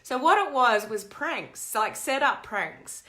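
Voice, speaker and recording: A woman coach talking live to her online community, telling a digressive story in an animated way. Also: fairly high pitch, takes it slowly. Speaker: network marketing coach. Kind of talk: live-stream chat to viewers.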